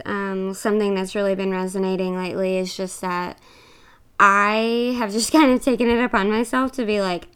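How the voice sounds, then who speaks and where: Young woman podcaster rambling casually, smooth clear voice, bit breathless. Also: mid-range voice, a bit bright. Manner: chatty and earnest, many fillers. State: a little out of breath. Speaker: podcast co-host.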